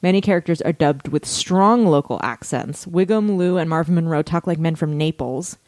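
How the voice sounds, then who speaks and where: Mulher de voz grave lendo e rindo. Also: female voice, low-pitched, moderate pace, a little mellow, dry recording. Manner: reads notes aloud with frequent laughs and asides. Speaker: podcast co-host. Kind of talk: casual chat, reading aloud.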